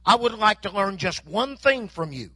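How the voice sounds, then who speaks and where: A man's voice: high voice, animated, moderate pace, pushed and bright, breathy edge, dry recording. An older man preaching a sermon, telling folksy stories and acting out bits of dialogue. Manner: folksy storytelling with mock dialogue. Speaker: pastor.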